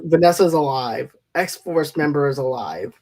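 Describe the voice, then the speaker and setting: Male co-host, a bit higher voice, relaxed movie plot rundowns. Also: measured pace. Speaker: podcast co-host. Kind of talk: casual movie review chat.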